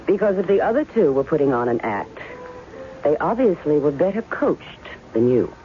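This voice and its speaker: An actress playing a guarded, sharp-tongued woman who doubts a man claiming to be her husband, in 1970s radio drama style. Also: sits low, sing-song, normal speed. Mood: skeptical. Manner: cool, cutting. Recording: thin phone-like old radio broadcast with faint music.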